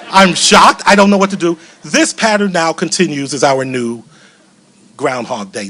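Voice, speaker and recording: A middle-aged man giving a keynote speech as a personal story, animated and acting out voices, slowing and softening at tender moments. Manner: animated, acts out quoted voices with big pitch swings; slows and softens at emotional moments. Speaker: keynote speaker.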